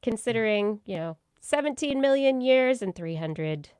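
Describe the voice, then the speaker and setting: A woman's voice: a little high, lively intonation, moderate pace, darkish tone, smooth. A woman hosting a science podcast, walking through research stories in a loose, chatty way. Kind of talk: casual science chat.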